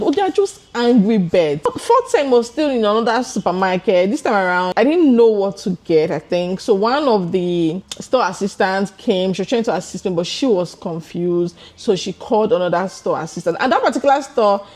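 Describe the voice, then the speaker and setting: Young Nigerian-accented woman, vlogger, chatty expressive storyteller, talks straight to camera. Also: medium pitch, normal speed, hardly any pauses.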